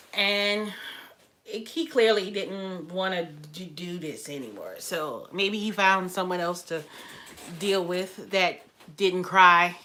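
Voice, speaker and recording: A woman's voice: medium pitch, bright, forceful tone, a little hiss or hum. Chatty emotional woman livestreaming. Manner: emotional, chatty, repeats herself. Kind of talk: casual live-stream chat.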